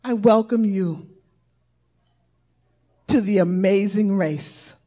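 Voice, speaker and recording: A woman elder preaching a sermon, building from quiet teaching to shouted encouragement. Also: mid-range voice, slow pace. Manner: rises to shouted exhortation, call-and-response cadence.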